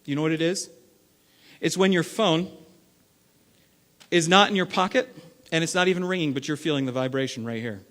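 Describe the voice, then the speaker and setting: A man preaching a sermon as lead pastor, acting out everyday scenes and swinging between loud bursts and hushed stretches. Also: on the high side, normal speed, long pauses. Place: church sanctuary. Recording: long reverb of a large hall.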